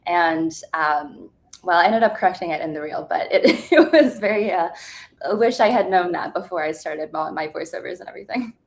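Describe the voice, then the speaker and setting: A woman who is a travel content creator, speaking in a measured, thoughtful way on a webinar panel over a video call. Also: on the low side, expressive, vocal fry, low-quality recording.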